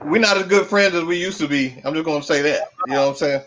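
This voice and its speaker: A man with a notably high speaking voice, talking casually as a podcast guest. He tells his stories in a relaxed, dryly funny way with loose everyday grammar. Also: fast talker, a little hiss or hum. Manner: laid-back storyteller, dry humor, loose grammar. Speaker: podcast guest, beard company owner. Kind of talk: casual chat.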